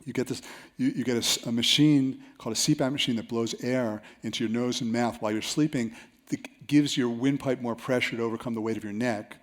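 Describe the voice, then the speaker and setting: Animated man giving a seminar talk. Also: mid-range voice, a little fast. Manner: storytelling, animated, with self-mocking anecdotes. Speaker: seminar presenter. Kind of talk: seminar talk to a live audience.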